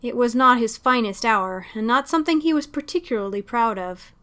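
A woman narrating a story aloud in a steady, expressive storytelling manner. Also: fairly high pitch, a little fast. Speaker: reader. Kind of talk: audiobook fan fiction reading.

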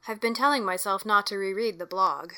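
Woman doing a wry low-key guy, kinda subdued, story reading. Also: brisk, pushed and bright, clear, resonant tone. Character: wry, subdued male doctor and army veteran.

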